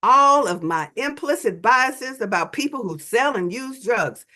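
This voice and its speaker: A woman tells a story to an audience in a dramatic, animated way. Her voice sits a little high and swoops widely in pitch, with vivid emphasis. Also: unhurried. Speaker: invited speaker. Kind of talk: storytelling talk.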